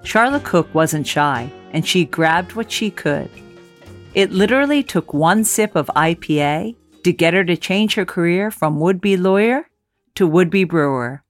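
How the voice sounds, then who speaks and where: A woman hosting a podcast, reading a measured, upbeat intro and asking interview questions. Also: fairly low pitch, lively intonation, soft background music. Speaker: podcast host.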